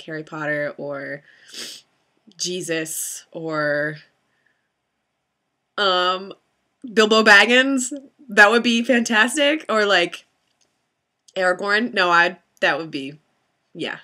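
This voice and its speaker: A young woman telling a story in a casual vlog, giggly and excitable, rambling with many restarts. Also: on the low side. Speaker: vlogger.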